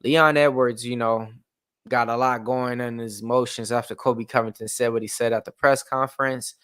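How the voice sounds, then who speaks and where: A man's voice: mid-range voice, fairly even intonation, fairly quick, fairly bright tone, clear, resonant tone, no echo. A man hosting a live fight watch-along stream, chatting in a loose, rambling way full of slang and fillers. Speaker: stream host.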